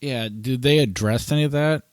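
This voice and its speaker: A man's voice: medium pitch, moderate pace, no room sound, studio quality. A man co-hosting a film review podcast, putting short questions to his co-host. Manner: brief questions and prompts. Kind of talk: casual review chat.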